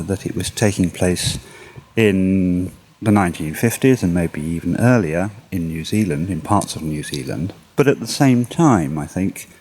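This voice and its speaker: A man's voice: low-pitched, a little mellow. A man, a linguist, giving careful academic explanations in an interview. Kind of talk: expert interview.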